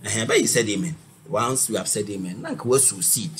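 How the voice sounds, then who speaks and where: Lively man lecturing. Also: on the low side, a little fast, slight background noise. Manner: lively, addresses students directly, repeats words. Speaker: university lecturer. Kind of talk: recorded lecture.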